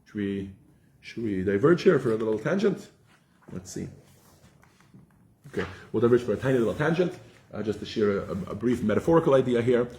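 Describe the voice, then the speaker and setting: A man's voice: lowish voice, brisk, long pauses. A man giving a casual religious class, telling stories with lots of restarts. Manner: animated storyteller, frequent restarts. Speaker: teacher. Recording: roomy echo.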